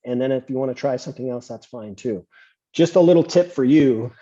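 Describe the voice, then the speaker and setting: A man hosting a podcast, telling stories and giving advice in a relaxed, chatty way. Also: medium pitch, brisk. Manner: relaxed, anecdotal, gives advice. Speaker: podcast host. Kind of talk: conversational interview, storytelling. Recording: slightly muffled lo-fi audio.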